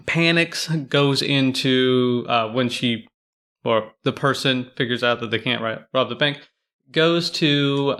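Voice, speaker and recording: A man with a bright, forceful voice talks through a book in a relaxed podcast chat. He rambles, circles back and fills gaps with ums and likes as he goes, keeping his pitch in an ordinary middle range. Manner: rambling, filler-heavy retelling. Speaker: library podcast co-host.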